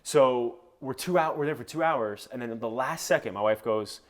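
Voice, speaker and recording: A young man hosting a casual podcast, an animated storyteller who acts out quotes and swears casually. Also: mid-range voice, normal speed. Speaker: podcast host.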